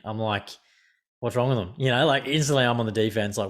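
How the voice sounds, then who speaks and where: A man hosting a podcast, telling a story in casual chat, swearing and animated. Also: medium pitch, quick pace. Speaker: podcast host.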